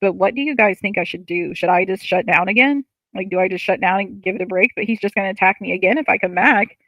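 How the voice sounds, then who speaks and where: A woman's voice: medium pitch, fast talker, fairly bright tone, dry recording, rough recording. A woman hosting a casual livestream from her seat at home, reading viewer comments aloud and answering them in a chatty, open way with lots of fillers. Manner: chatty and open, many fillers, laughs often. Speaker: livestream host. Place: at home, seated.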